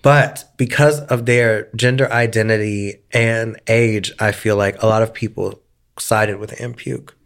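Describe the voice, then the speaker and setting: A man's voice: fairly low pitch, steady tone, a little slow, gravelly, a bit bright. A young man co-hosting a podcast, telling a story in casual chat, dramatic and profane, acting out the voices of the people he quotes. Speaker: podcast co-host.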